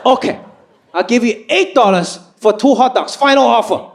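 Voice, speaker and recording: A man's voice: extremely high pitch, normal speed, slight background noise. A man voicing his older father, blunt and frugal, in clipped, broken English with a Chinese accent. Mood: stubborn haggling.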